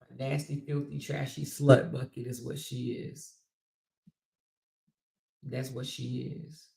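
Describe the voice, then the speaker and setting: A woman's voice: extremely low pitch, flat delivery, slow, creaky, mellow. A woman hosting a casual livestream, talking bluntly and mockingly to her chat viewers with plenty of profanity. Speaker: livestream commentary host.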